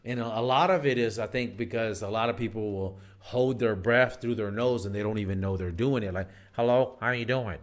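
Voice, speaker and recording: A man's voice: fairly low pitch, fairly quick, few pauses. A man giving dating advice in a casual monologue, rambling and emphatic with lots of restarts.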